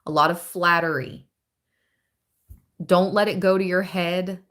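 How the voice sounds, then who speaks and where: Woman doing a chill tarot live stream, talks real slow, chatty, thinks out loud. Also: lowish voice, fairly even intonation. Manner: chatty, thinking aloud, drawn-out phrases. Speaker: tarot reader.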